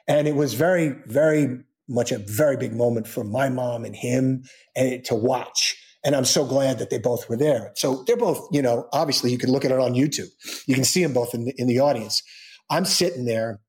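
A middle-aged man, a guest actor in a podcast interview, telling a story with animated energy, acting out the people he quotes, with many fillers and restarts. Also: medium pitch, normal speed. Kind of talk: casual anecdote in a podcast interview.

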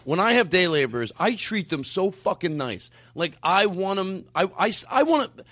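A man hosting a comedy podcast in a studio with a live band, amped up on coffee, animated and swearing freely as he slips in and out of joke voices. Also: high voice, normal speed, dry recording. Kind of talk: loose comedic banter.

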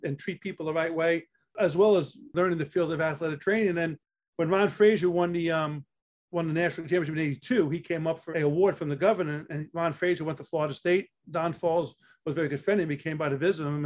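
The voice sits somewhat high with a darkish tone. It's an older athletic trainer from Staten Island, New York accent and all, telling career stories in a casual interview and repeating words often.

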